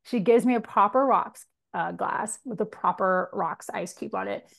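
A woman hosting a podcast, telling stories in a lively, casual way and swearing often. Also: mid-range voice, normal speed, creaky. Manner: animated storyteller, frequent swearing. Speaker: podcast host. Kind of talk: casual chat.

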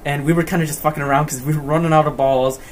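A man's voice: a little high, fairly even intonation, racing, slight background noise. A teenage boy co-hosting a casual podcast, rambling through stories with laughs and a lot of swearing. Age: teens. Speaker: podcast co-host. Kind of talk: casual chat.

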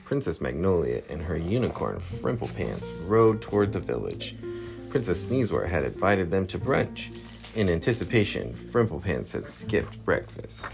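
A man reading a storybook aloud to his child, lively and expressive, with a gravelly voice. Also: low-pitched, normal speed, music in the background. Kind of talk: bedtime story read-aloud.

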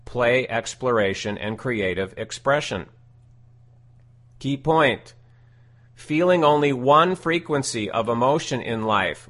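A man giving scripted self-help teaching in a deliberate, emphatic way, repeating his key phrases. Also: mid-range voice, a bit bright.

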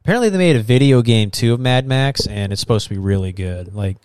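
A man in casual podcast chat who jokes around and drifts between topics, laughing a lot. His voice sits at an ordinary middle pitch. The recording is dry and close, with no room sound. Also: expressive, fast, a little mellow, clear, resonant tone, no room sound. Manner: joking, laughs often, rambling. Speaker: podcast co-host.

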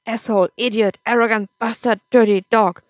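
A woman's voice: mid-range voice, moderate pace, no room sound, natural voice. Woman doing a hurt, angry young boy. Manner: sharp and angry when hurt.

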